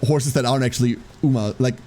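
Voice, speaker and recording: A man with a German accent, German native speaker, chatting casually on a gaming stream and cheering on races like an excited commentator. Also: medium pitch, quick pace, a little hiss or hum. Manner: chatty, excitable, jokey, slips into hyped race commentary.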